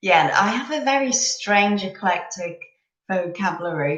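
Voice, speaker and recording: A woman's voice: mid-range voice, normal speed, a bit bright, roomy sound, low-quality recording. A woman in her thirties from England, chatting casually and rambling a little as she hosts a live chat over coffee. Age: 30s.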